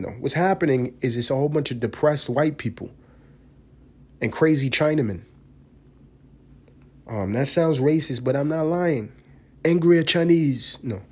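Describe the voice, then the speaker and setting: A young man from New York hosts a podcast, rambling through a profane casual monologue while still getting over the flu. His voice sits a little high and is slightly rough, moving at a moderate pace with frequent pauses. He swings between loud bursts and mumbling.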